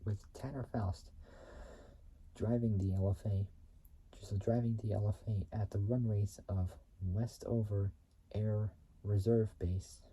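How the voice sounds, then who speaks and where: Low halting man reading car facts. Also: fairly even intonation, mellow, breathy edge, rough recording. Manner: halting, restarts and repeats phrases, corrects himself. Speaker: YouTube channel host.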